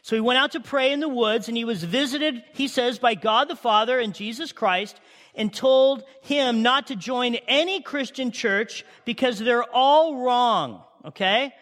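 High-pitched man preaching in a reverberant hall. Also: moderate pace, pushed and bright. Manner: emphatic, conversational preaching with questions to the congregation. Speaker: pastor. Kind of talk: sermon.

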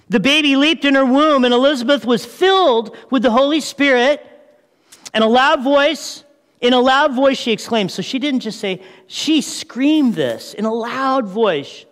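A man preaching a lively sermon, asking his listeners questions and acting out the story as he goes. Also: extremely high pitch, unhurried. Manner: lively, asks the audience questions, acts out scenes. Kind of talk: animated sermon. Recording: long reverb of a large hall.

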